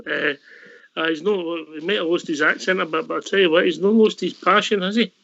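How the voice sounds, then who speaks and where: A man hosts a phone-in show in a slightly raised voice. He sounds brisk and matey and keeps the talk moving. The audio is a little dull and lo-fi. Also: sits high, steady tone, creaky, a bit bright. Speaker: host. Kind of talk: casual radio call-in hosting.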